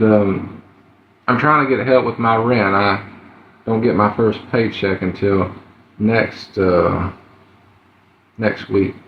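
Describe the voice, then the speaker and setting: A man hosting a live stream, greeting viewers by name in an unhurried way with fillers. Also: medium pitch, a little hiss or hum. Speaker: livestream host. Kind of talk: casual live-stream chat. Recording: roomy, dull lo-fi livestream audio.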